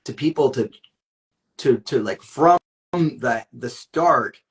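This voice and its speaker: A man's voice: medium pitch, lively intonation, takes it slowly. A man speaking candidly as an interview guest, earnest and rambling, with many restarts and fillers.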